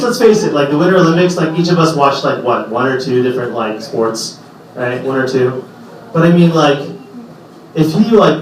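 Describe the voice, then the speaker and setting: A man performing a stand-up comedy set in a small club, talking conversationally and slipping into quick impressions of the people in his stories. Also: mid-range voice, noisy background. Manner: conversational, acts out characters in quick bursts. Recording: roomy echo from a distant mic.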